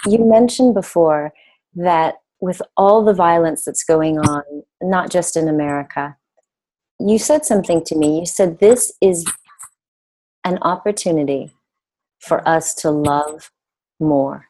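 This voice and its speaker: A woman's voice: on the low side, a little slow, warm tone, rough recording. A woman interviewing a guest in a conversational way, affirming and thoughtful.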